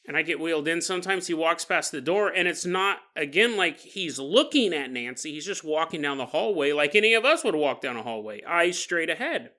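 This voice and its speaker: A man's voice: a little high, animated, a little fast, few pauses, sharp tone. A man hosting a podcast, telling a paranormal story casually with joking asides. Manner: joking asides, chuckling between lines. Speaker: podcast host.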